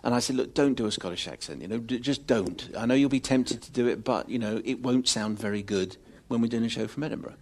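A man hosting a live show, brisk and teasing, wrapping up with his guest. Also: medium pitch, a little mellow. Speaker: host.

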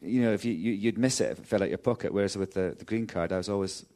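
A man with a slightly low voice chats playfully with the hosts, giggling and circling back on his own sentences. He sounds like an actor guest enjoying a loose conversation, speaking from a cinema screening room. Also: quick pace, warm tone. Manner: giggly, playful, rambling with restarts. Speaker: actor guest, festival jury member. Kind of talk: casual chat.

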